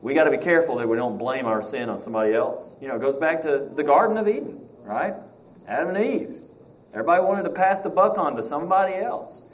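A man's voice: fairly high pitch, expressive, fast talker, slight background noise, low-quality recording. A man teaching a Bible study class, reading passages aloud and asking the class questions. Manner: reads scripture aloud, acts out quotes, asks the class questions.

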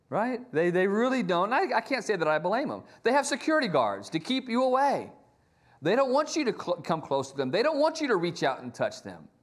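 A middle-aged male pastor delivers a sermon in a high, lively voice that rises and falls freely. He tells his stories with animation and acts out each quoted line in a shifting voice.

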